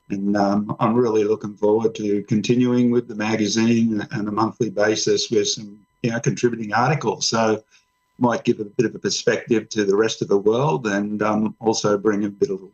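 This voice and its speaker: A man's voice: on the low side, darkish tone. A man, a guest writer explaining his ideas on a podcast panel with frequent ums. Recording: slightly muffled lo-fi sound.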